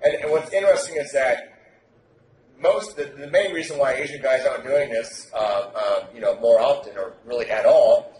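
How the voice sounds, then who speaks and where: A man talking as a dating coach, loud and emphatic, projecting his voice hard and swearing freely. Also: medium pitch, normal speed. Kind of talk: animated podcast talk. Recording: roomy echo, faint noise.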